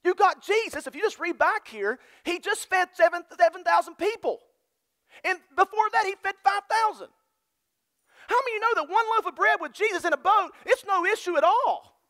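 A man's voice: very high-pitched, expressive, brisk, pushed and bright. A male pastor preaching a sermon, emphatic and repeating key phrases.

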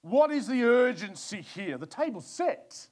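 A middle-aged Australian man preaching a sermon as a pastor, swinging between loud, urgent bursts and soft, low asides. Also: very animated, a little slow.

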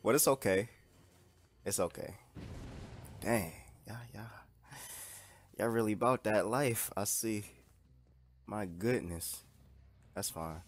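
A young man casually commenting on his own gameplay, joking and trash talking the other players with sudden bursts of excitement. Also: lowish voice, takes it slowly, long pauses. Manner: animated, jokey trash talk to opponents, bursts of excitement. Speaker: gaming streamer.

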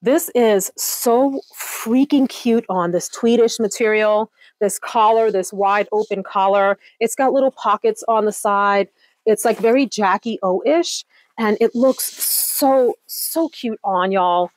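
A middle-aged woman talks straight to her viewers in a chatty, gushing way, easily excited as she goes. Her voice sits at a middle pitch for a woman. The recording is dry and close, with no room echo. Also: unhurried. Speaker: closet declutter vlogger. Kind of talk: casual chat to camera.

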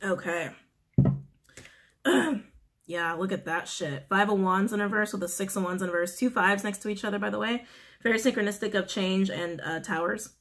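A woman's voice: medium pitch, moderate pace, a bit bright. A woman giving a casual tarot reading, talking bluntly, swearing freely, and repeating phrases for emphasis. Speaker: tarot reader.

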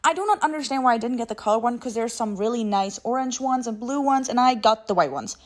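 A woman's voice: fairly high pitch, fast, echoey room. A young woman chatting casually as a book vlogger, bubbly and chatty with dramatic exclamations, recorded in her bedroom. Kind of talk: casual vlog chat.

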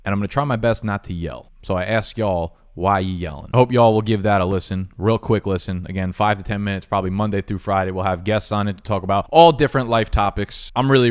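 A man hosting a fantasy football video, talking casually and playfully, swinging between loud bursts and low asides, with frequent swearing.

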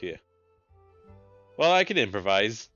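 A man rambles and jokes through a game playthrough, swearing freely. His voice is lowish and bright. The recording is dull and lo-fi, with game music behind. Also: big pitch swings, measured pace. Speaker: let's play host. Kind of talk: casual gameplay commentary.

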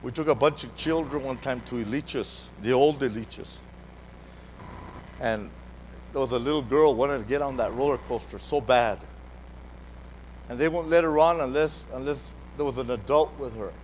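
A man preaching a sermon as pastor, animated, calling out to the congregation and repeating his words. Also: mid-range voice, normal speed, a little hiss or hum, rough recording. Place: church hall during a live service.

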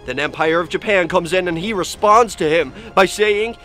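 A man's voice: on the high side, lively intonation, normal speed, few pauses, fairly bright tone, faint music behind. A man hosting his own YouTube channel, reading out comments in a hyped, dramatic way. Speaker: YouTube host. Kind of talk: energetic vlog narration.

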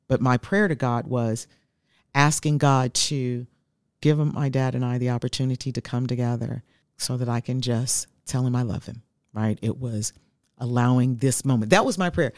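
A woman's voice: very deep voice, no echo, clean studio sound. A woman in her fifties, a guest telling her life story in an interview, heartfelt and reflective.

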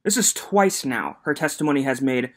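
Sarcastic, animated reaction commentator. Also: mid-range voice. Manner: sarcastic, mocking, incredulous, quick to laugh. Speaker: commentary host.

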